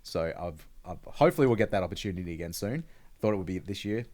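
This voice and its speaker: An Australian man with a lowish voice chats casually on a podcast. He rambles a little and leans on fillers, easygoing and unhurried. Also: expressive, darkish tone. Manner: chatty, laid-back, rambling with fillers. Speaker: podcast co-host. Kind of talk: casual chat.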